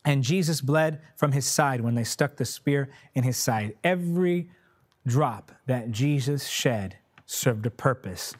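A man's voice: mid-range voice, measured pace, breathy edge. A man preaching a sermon in a repetitive, declarative cadence, then praying fervently for listeners. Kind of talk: sermon with closing prayer.

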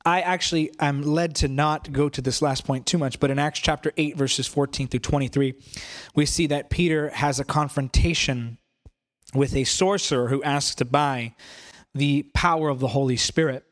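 A young man preaching a sermon, telling stories in an animated, conversational way. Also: fairly high pitch, moderate pace. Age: young adult. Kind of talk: sermon storytelling.

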